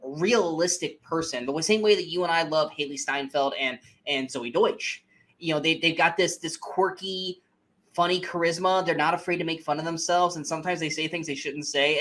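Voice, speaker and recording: A young man co-hosts a podcast, trading blunt, emphatic opinions about movies laced with plenty of swearing. His voice is fairly high and bright, with a forceful tone, and the talk is a casual film discussion.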